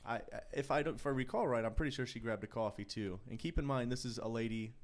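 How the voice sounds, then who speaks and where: A man's voice: medium pitch, fast talker. A man co-hosting a podcast, rambling through a story in casual banter with lots of restarts. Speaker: podcast co-host.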